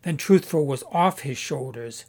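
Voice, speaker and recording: A man reading a story aloud in a steady, measured narration. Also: medium pitch. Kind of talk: scripted audiobook narration.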